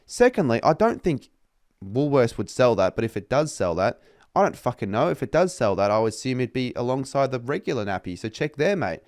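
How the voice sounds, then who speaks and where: A young man with an Australian accent vents about work in a casual, profanity-laced rant. He sounds exasperated and mocking, and his voice sits at an ordinary middle pitch. The recording is dry, with little room sound. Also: big pitch swings, brisk, darkish tone, no echo. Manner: sweary, exasperated, mocking customers in put-on voices. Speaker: vlogger.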